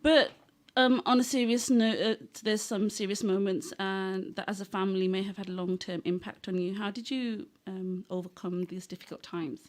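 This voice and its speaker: Woman radio host, calm questions, mid-pitched voice. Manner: measured, structured questioning. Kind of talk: radio interview. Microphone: radio studio microphone.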